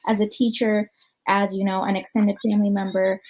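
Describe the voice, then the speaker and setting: An American woman psychologist speaking at an online conference over a video call. She answers questions in a loose, conversational way, filling pauses with ums and you-knows as she thinks aloud, at an ordinary mid-range pitch. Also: flat delivery, darkish tone, poor audio. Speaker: clinical psychologist.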